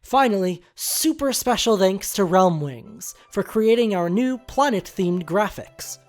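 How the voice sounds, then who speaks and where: A woman in an upbeat announcer mode, reading the closing credits of a podcast. Her voice sits at a middling pitch. Soft music plays underneath. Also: animated, measured pace. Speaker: podcast host. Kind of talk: scripted podcast outro.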